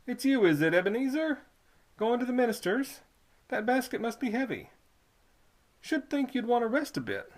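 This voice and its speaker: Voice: medium pitch, sing-song, pitched above the performer's own voice. A reader voicing a sly, rustic young male tollkeeper with a folksy drawl. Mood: coaxing. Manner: folksy drawl, slow and drawn-out.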